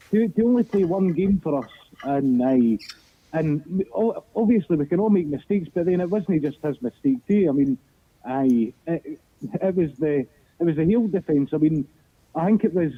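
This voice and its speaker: A man's voice: a little high, expressive, moderate pace, husky. A man with an Edinburgh Scottish accent, calling in to a football phone-in show, rambling with lots of stumbling restarts and casual swearing. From Scotland. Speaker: caller. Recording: dry tinny phone line.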